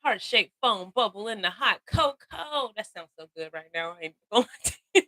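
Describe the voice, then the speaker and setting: A young livestream host chats on her phone with viewers in a casual motivational stream, greeting people by name, laughing often and repeating phrases for emphasis. Her mid-range voice is bright and sharp at a normal speed, recorded dry and close with no room echo.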